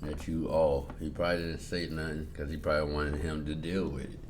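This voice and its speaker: A man's voice: very deep voice, little pitch movement, a little fast. A man giving casual reaction commentary, musing aloud with restarts as he thinks it through. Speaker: reaction video host. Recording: clear background noise.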